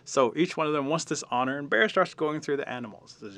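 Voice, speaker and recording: A Cherokee Nation storyteller, a man, telling a traditional animal tale in an animated, dramatic way and acting out the scenes. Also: medium pitch, fast talker, creaky, hardly any pauses.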